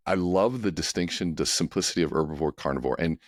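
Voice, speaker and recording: A man's voice: low voice, fast talker, no room sound, studio quality. A man hosting a podcast interview, talking in an affirming, enthusiastic way. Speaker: podcast host.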